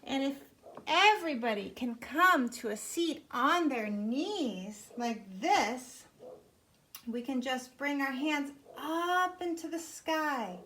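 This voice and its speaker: A woman leading a yoga class for young children at home, talking gently and encouragingly as she guides each step. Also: high voice.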